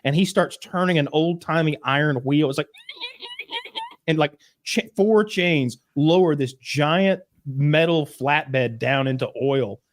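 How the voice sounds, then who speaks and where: A man's voice: fairly high pitch, measured pace. A man in his forties from northeast Georgia, co-hosting a podcast in casual chat, blunt, profane and rambling. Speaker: podcast co-host.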